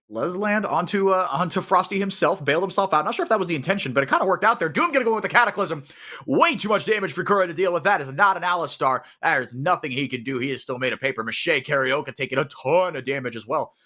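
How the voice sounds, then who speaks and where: A man doing live play-by-play commentary on an esports match, calling the action quickly and often repeating words as he thinks. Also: on the high side. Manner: rapid, animated calling with frequent repeated words.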